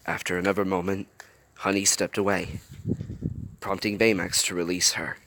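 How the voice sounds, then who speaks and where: A man's voice: low-pitched, little pitch movement, normal speed. Man reading a fan story aloud. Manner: earnest, chatty asides. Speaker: story reader. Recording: clear background noise.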